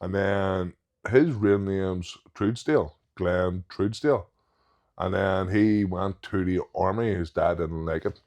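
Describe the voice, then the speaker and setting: A man, a professional strongman, chatting as a podcast guest. His voice sits fairly low. He talks frankly and matter-of-factly and laughs easily. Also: slow pace, darkish tone. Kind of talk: casual chat.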